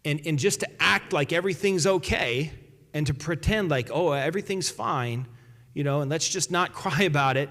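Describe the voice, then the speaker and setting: A man's voice: a little high, normal speed, fairly bright tone, in a large hall. A man preaching a sermon as a pastor, talking in a conversational way and often restarting his sentences. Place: church sanctuary.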